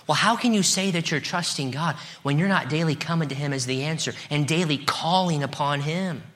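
A middle-aged pastor preaching an evening sermon, chatting with the congregation and reading psalms aloud with rising, emphatic peaks. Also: male voice, fairly high pitch, a little fast, fairly bright tone.

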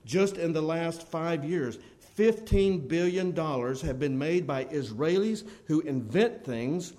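A man preaching a sermon as a Baptist preacher, telling stories with loud emphasis and dropping to low asides.

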